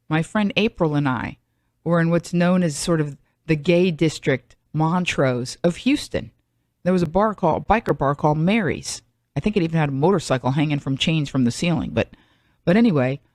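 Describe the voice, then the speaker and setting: A woman's voice: low-pitched, darkish tone, no room sound, studio quality. A middle-aged woman hosting a podcast, talking in a chatty, rambling monologue full of self-mocking asides. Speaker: podcast host. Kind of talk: solo comedic monologue.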